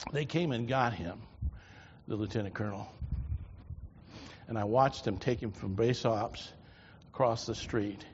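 A man preaching a sermon, telling a personal story in a folksy, animated way. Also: mid-range voice, a little hiss or hum. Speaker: preacher giving testimony. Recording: lo-fi reverberant hall.

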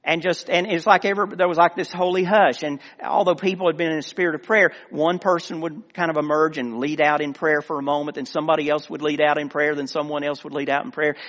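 A middle-aged man, a former pastor, preaching a sermon with earnest emphasis that swells and then drops to quiet asides. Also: a little high, flat delivery, fast, hardly any pauses. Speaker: director of missions, former pastor. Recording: long hall reverb.

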